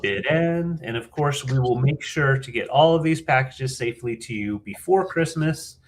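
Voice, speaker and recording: A man's voice: a little high, moderate pace, slight background noise. A man co-hosting a live vintage sale, counting down bids in an easygoing way. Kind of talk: live auction chat.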